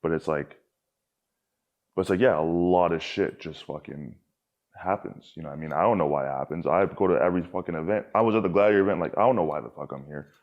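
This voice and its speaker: A man's voice: deep voice, fast talker, dull audio. A young man talking candidly as a podcast guest, rambling with lots of filler words and casual swearing.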